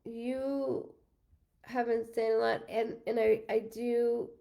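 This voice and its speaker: Slow, gravelly-voiced woman medium chatting. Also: a little high, flat delivery, dark tone. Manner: chatty, frequent ums, thanks viewers by name, swears casually. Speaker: medium doing live readings. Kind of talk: casual livestream chat with viewers.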